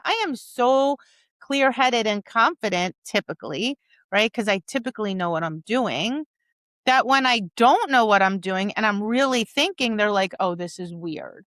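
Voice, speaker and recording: A woman co-hosts a dog training podcast, telling stories casually and with animation while dropping into quick voices for the people and dogs involved. Her voice is fairly high, with no room sound.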